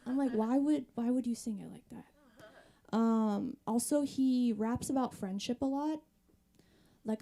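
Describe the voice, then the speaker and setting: On a comedy club stage, a woman in her thirties does a chatty, wry stand-up set. Her voice is medium in pitch and mellow, and she keeps things conversational, chatting with the audience.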